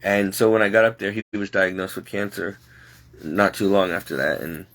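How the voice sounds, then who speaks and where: A man with a lowish voice telling his own story in a casual way. He speaks earnestly and haltingly, restarts often, and brings in God and the supernatural. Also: fairly even intonation, fairly bright tone. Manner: earnest, halting, circles back on itself.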